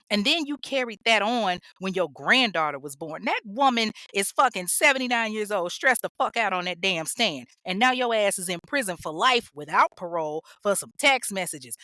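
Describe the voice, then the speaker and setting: A woman's voice: mid-range voice, sharp tone, dry recording, studio quality. A woman hosting a true crime podcast, ranting bluntly and scolding with heavy profanity. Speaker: podcast host.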